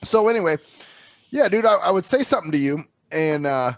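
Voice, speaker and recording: A man's voice: sits high, lively intonation, moderate pace, vocal fry, no room sound. A man co-hosting a casual podcast, laid-back and swearing, answering with frequent affirmations. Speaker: podcast co-host. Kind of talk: casual drunken chat.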